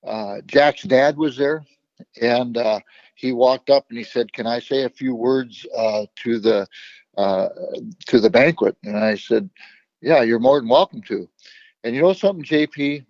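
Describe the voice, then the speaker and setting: A man's voice: mid-range voice, a little slow, dry recording. Man talking with a dry, dull sound. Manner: relaxed, hesitant, with frequent uh fillers. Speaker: nonprofit founder. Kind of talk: casual conversation.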